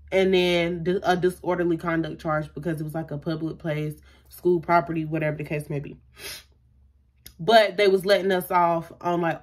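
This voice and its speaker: Young woman, lowish voice, casual storytime vlog, rambling with fillers. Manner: chatty, lots of fillers, acts out quotes. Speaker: vlogger.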